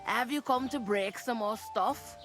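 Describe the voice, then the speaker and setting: An actress plays a cross, grumbling tavern keeper in a game, high-pitched and slow, every word dragged out in annoyance. Clear music plays under her lines. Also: close to an everyday voice. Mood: irritated. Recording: game audio with music behind.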